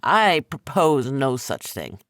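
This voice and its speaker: Man reading as an ancient male sorcerer, rasping, slow and heavy, menacing, audiobook. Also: medium pitch, very animated, a bit bright, no room sound, clean studio sound.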